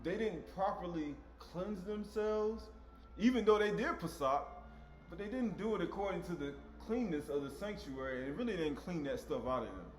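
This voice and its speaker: A preacher with a high-sitting voice and lively intonation gives a casual, conversational sermon at a moderate pace. He keeps checking in with tag questions like "right?" and acts out dialogue in slangy voices, recorded in an echoey room with faint music.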